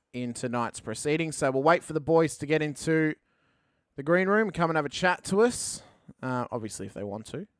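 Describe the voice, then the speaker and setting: A man calling a sim race as play-by-play commentator, rising to excited calls at the finish. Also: medium pitch, clean tone, no echo, clean studio sound.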